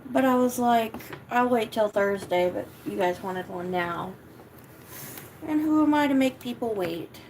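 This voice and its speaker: A woman chats on her livestream in a sluggish, worn-out way, dragging her words slowly. Her voice sits a bit high, she swears casually, and her talk drifts into sing-song baby talk for her pet. A faint hiss of noise sits under the camera mic. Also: a little mellow, low-quality recording. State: lethargic. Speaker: YouTuber hosting a livestream.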